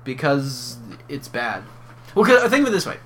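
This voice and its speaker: A young man co-hosting a podcast, chatting casually and jokingly, swinging between loud bursts and mumbling. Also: mid-range voice, very animated, normal speed, slight background noise. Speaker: podcast co-host. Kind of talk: casual chat.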